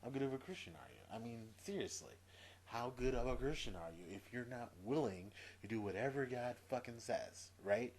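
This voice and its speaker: A man's voice: lively intonation, moderate pace, a little hiss or hum. A man venting to camera in a profane opinion rant, exasperated and repeating his points. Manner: exasperated, profane, repeats himself, swings from low mutter to loud. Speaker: video blogger.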